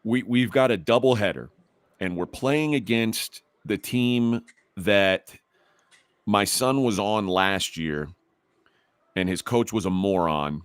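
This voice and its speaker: A man's voice: fairly low pitch, takes it slowly, clean tone, no room sound. A middle-aged man hosting a podcast, telling a rambling story with many restarts and growing heated. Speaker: podcast host. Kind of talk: casual storytelling.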